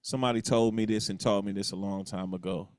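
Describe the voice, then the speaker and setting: A man's voice: on the low side, fairly even intonation, fast talker, clear, resonant tone, no echo, clean studio sound. Man preaching his point on a podcast. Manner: emphatic, repeats phrases for effect, mocking quotes. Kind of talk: podcast talk, preachy commentary.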